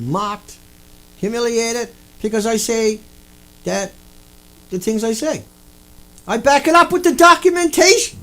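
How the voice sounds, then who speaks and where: A man's voice: very high voice, a bit bright. A man delivering an angry, repetitive rant, swearing often as he talks to his viewers. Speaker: video blogger.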